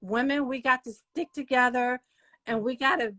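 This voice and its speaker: A woman hosting her own channel, speaking slowly in a halting, emotional monologue full of fillers and restarts. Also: sits high, steady tone, bright, forceful tone. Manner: halting, repetitive, many fillers. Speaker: channel host.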